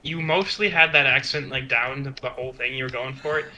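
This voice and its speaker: A man's voice: mid-range voice, fairly even intonation, brisk, pushed and bright, a little hiss or hum, rough recording. A man from Kansas chatting casually with friends during a game, teasing and bantering. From southwest Kansas, US. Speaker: co-player. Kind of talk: casual chat while gaming.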